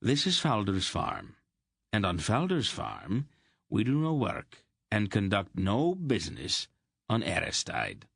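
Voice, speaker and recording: A man's voice: fairly low pitch, huge pitch swings, slow, gravelly, breathy edge, no echo, studio quality, voice pushed up, full character voice. A man voicing a stubborn, pious farmer who speaks with formal, old-fashioned courtesy in an audiobook. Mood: firm.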